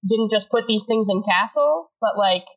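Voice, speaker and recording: A woman's voice: medium pitch, animated, normal speed, husky, rough recording. A woman co-hosting a podcast, recapping an episode in casual chat with a sick, stuffy voice, rambling with many filler words. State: sick, congested voice. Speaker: podcast co-host.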